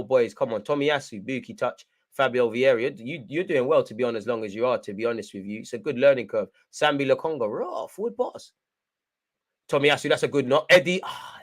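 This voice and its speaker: A young man with a mid-range voice gives excited live commentary on a football match from a fan's point of view. He keeps urging the players on, his mood shifting from frustration to hype.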